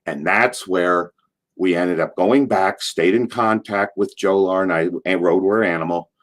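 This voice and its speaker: A man from Allentown, Pennsylvania, with a fairly low voice, spins digressive wrestling stories as an interview guest. He swears offhandedly. He often doubles back on his own sentences. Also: unhurried, a bit bright. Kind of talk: rambling anecdotal storytelling.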